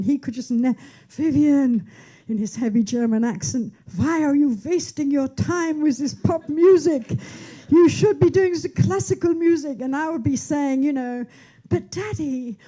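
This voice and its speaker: A woman's voice: a little high, dark tone. Rambling woman in her sixties. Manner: chatty and rambling, with many restarts and asides. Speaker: author being interviewed. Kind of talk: onstage conversation at a book launch. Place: bookshop event in front of an audience.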